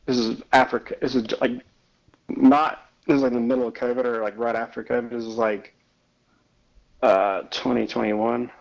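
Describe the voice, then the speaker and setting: A man's voice: mid-range voice, steady tone, normal speed, vocal fry, poor audio. A man chatting casually with a friend, telling rambling stories full of swearing and filler words. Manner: rambling storytelling, heavy swearing, lots of "like". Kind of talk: casual chat over a game.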